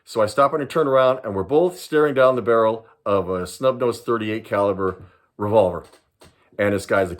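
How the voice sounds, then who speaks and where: Older man, lowish voice, animated storyteller, acts out the voices. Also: normal speed. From Southern California. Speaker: retired police sergeant and private investigator. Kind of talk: personal storytelling to camera.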